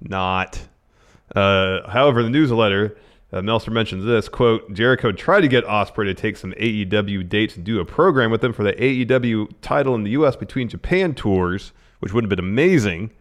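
Low, dry-voiced male podcast co-host. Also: normal speed. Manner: dry, laid-back, quotes newsletters. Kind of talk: casual chat.

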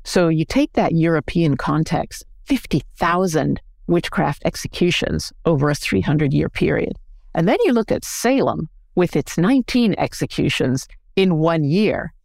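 An American woman, a history professor, explaining things in a clear, measured lecturing manner during an interview. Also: low voice, expressive, darkish tone, no echo, clean studio sound. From United States.

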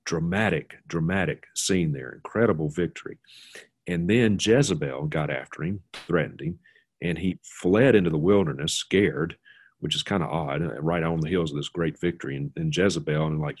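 A man's voice: low-pitched, slightly rough. A man explaining a Bible passage in an informal, conversational way, with asides and restarts. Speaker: guest teacher.

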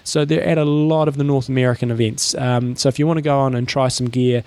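A man co-hosting a podcast, chatting casually in a relaxed, rambling way with many fillers. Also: mid-range voice, quick pace, no echo. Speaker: podcast co-host. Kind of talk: casual chat.

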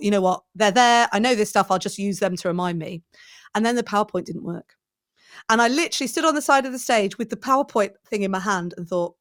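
A woman telling a self-deprecating anecdote in a casual, animated chat. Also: medium pitch, dry recording, studio quality.

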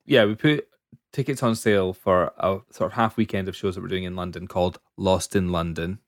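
A man's voice: low-pitched, fairly even intonation, a little fast, no echo, studio quality. A man co-hosting a podcast in casual chat, joking and laughing often as he rambles through lists. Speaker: podcast co-host.

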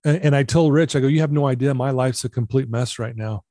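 A man's voice: mid-range voice, fast talker, warm tone, no echo, studio quality. A man telling a personal story as a podcast guest, earnest and confessional, acting out the dialogue he quotes. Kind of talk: storytelling interview.

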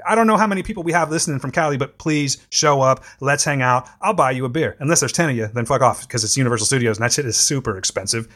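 A man's voice: mid-range voice, fast, hardly any pauses, a bit bright. A man hosting a podcast in casual chat, loose, rambling and profane. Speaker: podcast host.

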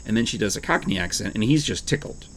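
A man's voice: fairly low pitch, expressive, quick pace, slight background noise. A man hosting a casual chat, teasing and playful.

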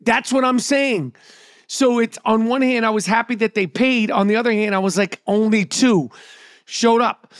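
A middle-aged man talks in a brash, profane, storytelling way on a podcast. His voice sits unusually high for a man. The sound is dry, with no room around it. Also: moderate pace, clear, resonant tone, no echo. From New York. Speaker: podcast host and comedian. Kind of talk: casual podcast chat.

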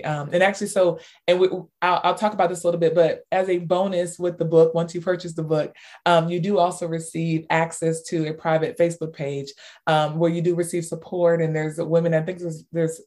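A woman author as an interview guest, telling stories with lots of fillers and bursts of excitement. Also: low-pitched. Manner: animated storyteller, many fillers, squeals in retold cheers. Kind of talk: casual interview talk.

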